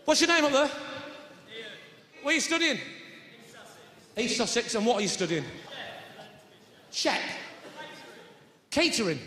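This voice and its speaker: A man's voice: high voice, expressive, moderate pace, pauses often, over a noisy crowd. A man performing live stand-up comedy in a theatre, bantering with the audience and tossing in frequent tag questions. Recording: echoey theatre with audience noise.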